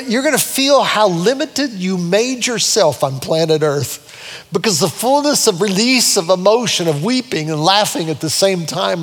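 An older man delivers a sermon with a high, bright voice that climbs even higher as he grows fervent. His preaching rings out under the long reverb of a large church hall. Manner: storytelling, rising to fervent high-pitched preaching. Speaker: pastor.

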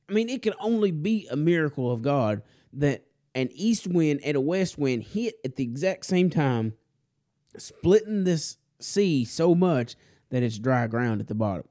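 A man's voice: medium pitch, mellow. A man reading scripture aloud and explaining it in a casual, folksy way, often correcting himself. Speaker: Sunday school teacher.

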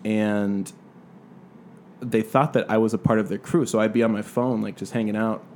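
A man's voice: fairly low pitch, fairly even intonation, normal speed, darkish tone, slight background noise. A man from Southern California telling a rambling, profanity-laced story in a casual podcast chat.

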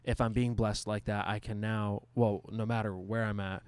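A man's voice: lowish voice, little pitch movement, normal speed, a little mellow, clean tone, no room sound. A man, a pastor, reflecting in a casual faith discussion, thinking aloud and restarting as he goes.

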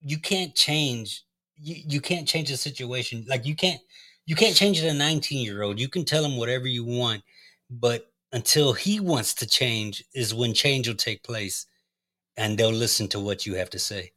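A man's voice: medium pitch, normal speed, pushed and bright. A man co-hosting a casual talk, explaining ideas plainly and checking in with his listener to see whether it makes sense. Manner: explains plainly, checks in with "you feel what I'm saying?". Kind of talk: casual conversation.

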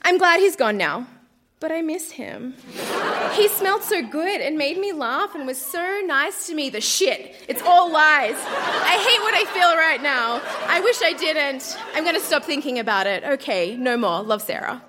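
A woman's voice: high voice, lively intonation, measured pace, a crowd in the background, background noise. A young woman reading her teenage diary aloud on a theatre stage, melodramatic and laughing through it. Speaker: reader of her childhood diary. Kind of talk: live reading to a theatre audience.

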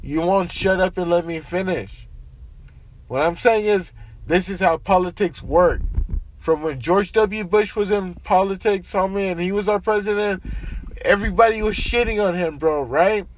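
A man's voice: high voice, normal speed, slight background noise, rough recording. A man in a heated casual argument, exasperated and slangy, peppering his points with bro and homie. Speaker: friend in a heated debate.

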